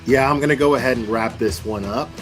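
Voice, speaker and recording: A man's voice: mid-range voice, quick pace, faint music behind. A man hosting a livestream in casual chat, rambling and chatty, often restarting his sentences. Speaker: livestream host.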